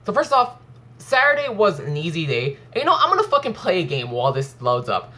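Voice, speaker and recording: Animated, swearing young male gaming vlogger. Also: high-pitched, fairly quick. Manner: frustrated, profane, rambling. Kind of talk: casual rant while playing a game.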